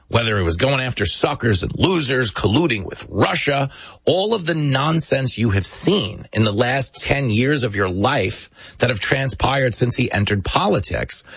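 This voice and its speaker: A man hosting a political commentary show, talking in an emphatic, sarcastic and animated way. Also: mid-range voice, husky, no room sound. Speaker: talk show host.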